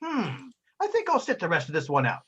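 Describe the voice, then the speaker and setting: A man puts on a giant, thick-headed brute of a fighter who haggles in a calm, easygoing way. The voice sounds a little husky, with a lively lilt, and comes through a dull, lo-fi recording. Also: sits high, a little fast, voice pushed up, full character voice. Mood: wry bargaining. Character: huge hulking male brute, dim but pragmatic.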